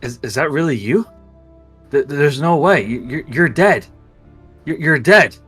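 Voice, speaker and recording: A game master voicing a flustered, gloomy younger brother who stammers when caught off guard. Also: male voice, a little high, lively intonation, a little slow, a bit bright, husky, soft background music, heavily acted. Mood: stunned. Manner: stammering, embarrassed.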